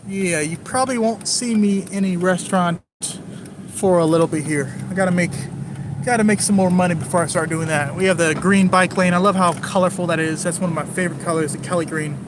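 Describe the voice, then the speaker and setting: A man's voice: high voice, background noise. A man chatting casually to live-stream viewers while driving around town, rambling and joking as he goes. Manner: rambling, jokey, talks to chat viewers nonstop. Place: in a car driving through city streets.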